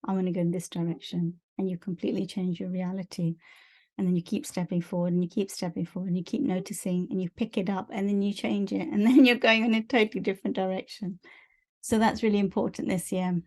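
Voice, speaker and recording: A woman's voice: lowish voice, flat delivery, fast talker, dark tone. A woman giving a monthly spiritual energy update, talking earnestly and encouragingly in long repetitive lists. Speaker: spiritual teacher.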